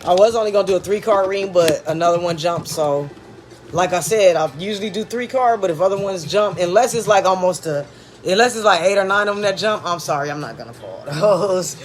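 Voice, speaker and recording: A man giving a relaxed, chatty tarot reading. He drifts into soft, murmured blessings. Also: high voice, fairly quick. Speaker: tarot card reader. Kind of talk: casual live tarot reading.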